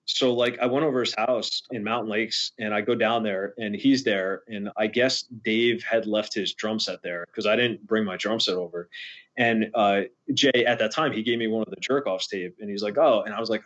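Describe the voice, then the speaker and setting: A man in his forties tells a long, rambling story in a casual interview, quoting other people as he goes. His voice sits a little low. The audio is dull and lo-fi. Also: steady tone, normal speed, a bit bright. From New Jersey. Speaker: podcast guest, former drummer.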